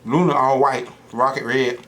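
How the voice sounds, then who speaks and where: There's a little hiss or hum on this clip of a young mukbang host talking at medium pitch and normal speed. He chats casually while eating, animatedly recounting stories and imitating the voices of those he quotes.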